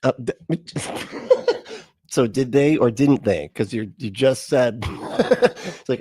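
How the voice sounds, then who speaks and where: A man's voice: mid-range voice, lively intonation, slow, darkish tone, dry recording, studio quality. A man hosting a livestream, reacting in casual, sarcastic commentary with plenty of swearing and rambling asides. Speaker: livestream host.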